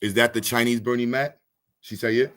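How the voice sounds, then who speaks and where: A man's voice: medium pitch, steady tone, brisk, a bit bright. A man from Brooklyn, hosting a casual comedic chat full of jokes and slang. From Brooklyn, New York. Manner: joking, laughing, loose slang. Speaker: host.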